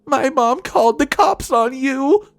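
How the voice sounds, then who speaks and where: A man's voice: very high-pitched, lively intonation, unhurried, soft background music, pitched above the performer's own voice, exaggerated voice. A man voicing an upset, tearful young woman with a small, pleading voice.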